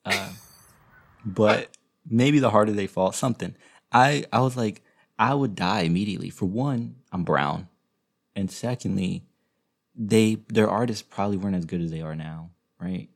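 The voice of this male podcast host is lowish and creaky, delivered at normal speed. He spins stories in a loose, rambling way, frequently cutting himself off to start again.

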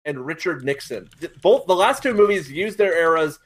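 A man's voice: on the high side, lively intonation, normal speed. A man co-hosting a casual movie podcast, opinionated and peppering his talk with fillers. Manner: opinionated, fills with "like". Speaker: podcast co-host.

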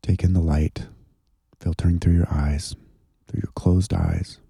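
A man with a very low, gravelly voice leads a guided contemplative prayer. His tone is dark and husky, slow and gentle. The sound is dry and close. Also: little pitch movement, no echo. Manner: slow, gentle, soothing guidance. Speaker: pastor leading guided prayer.

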